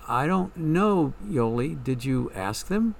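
A man reading a story, voicing a calm woman fortune teller who asks measured, probing questions. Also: a little high, gravelly, a little hiss or hum, exaggerated voice.

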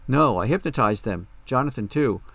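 A man's voice: medium pitch, expressive, normal speed, vocal fry, fairly bright tone, no echo. A man voicing a guilt-ridden, secretive mother in an audiobook, pleading and defensive. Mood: confessing.

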